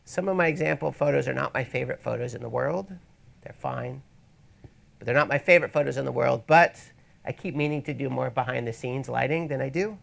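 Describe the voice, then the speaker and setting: A man's voice: medium pitch, a little fast, gravelly, a bit bright. A man presenting a photography workshop in a casual teaching style, with wry, rambling asides, speaking in an event space to an audience. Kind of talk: casual instructional talk.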